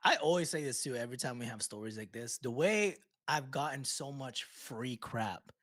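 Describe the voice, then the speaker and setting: Animated man in casual podcast chat. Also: mid-range voice, normal speed, no echo, clean studio sound. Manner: animated, swears freely. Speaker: podcast co-host.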